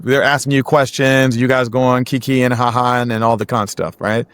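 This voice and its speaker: A man's voice: mid-range voice, little pitch movement, moderate pace, a bit bright, clean tone. A man hosting an interview show, asking questions in an encouraging, conversational way. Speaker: podcast host.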